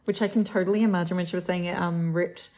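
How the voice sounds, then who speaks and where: A woman's voice: on the low side, steady tone, quick pace, a little mellow. A woman co-hosting a casual recap podcast, wry and blunt, swearing casually. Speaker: podcast co-host.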